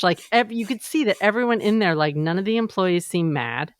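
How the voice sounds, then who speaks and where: A chatty woman with a mid-pitched voice tells her stories in an animated way, acting out the people she quotes. The sound is dry and close, with no room around her. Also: moderate pace, hardly any pauses, clean tone, no echo. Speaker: podcast co-host. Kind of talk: casual chat.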